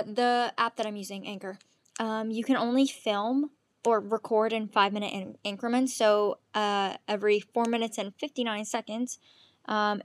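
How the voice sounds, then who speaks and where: A young woman talking alone into her mic, rambling and candid, her sentences full of ums and likes. Her voice sits at an ordinary middle pitch, close and dry with no room sound. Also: no room sound. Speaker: podcast host. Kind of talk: casual solo chat.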